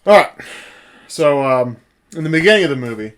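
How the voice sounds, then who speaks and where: A man's voice: a little high, lively intonation, brisk, fairly bright tone. Casual male podcast co-host. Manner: laughs often, reads notes aloud. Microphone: podcast mic.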